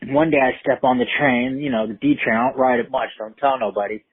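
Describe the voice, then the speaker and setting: A man telling a story in a profane, streetwise, animated way. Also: mid-range voice, brisk, slightly rough, no room sound. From Brooklyn, New York. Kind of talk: casual spoken storytelling. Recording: tinny phone-like line, dry.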